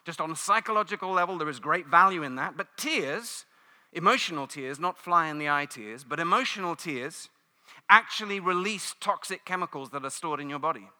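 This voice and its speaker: Animated British preacher in a reverberant hall. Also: male voice, on the high side, brisk. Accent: British English. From United Kingdom. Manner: animated storytelling, mimics cheering crowds. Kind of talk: sermon.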